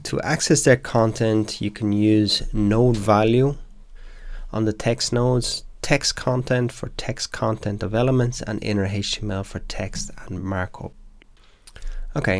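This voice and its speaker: A man's voice: on the low side, no echo. A man teaching web development, walking through code examples step by step in a lecture.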